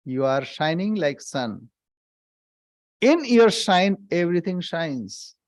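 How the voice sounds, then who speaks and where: A man, a swami, giving a scripture class, speaking deliberately, repeating key phrases for emphasis and chanting verses. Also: a little high, big pitch swings, no echo.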